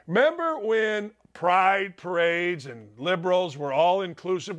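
A man's voice: high-pitched, expressive, a little slow, few pauses, a bit bright. An older man hosting a sports talk show, delivering a blunt, combative, ranting monologue.

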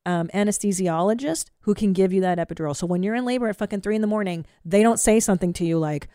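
A woman hosting a podcast, chatting casually and telling stories in a blunt, profane, animated way. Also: fairly low pitch, fast talker, few pauses, no room sound, clean studio sound. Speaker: podcast host. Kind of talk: casual chat.

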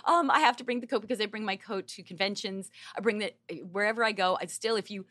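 A woman's voice: mid-range voice, quick pace, fairly bright tone. A woman actress chatting casually as an interview guest, with many fillers.

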